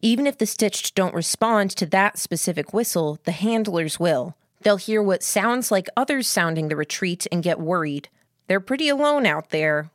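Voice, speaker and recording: A woman's voice: fairly low pitch, dry recording, clean studio sound, close to an everyday voice. Woman voicing a shrewd young male schemer. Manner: quick, persuasive explaining. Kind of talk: audiobook character voice.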